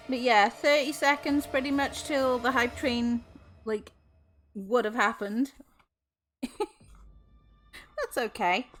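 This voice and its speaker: A woman's voice: on the high side, fairly even intonation, extremely slow, pauses often, faint music behind. A young woman streaming live, casually chatting and effusively thanking her viewers, often exclaiming in shock.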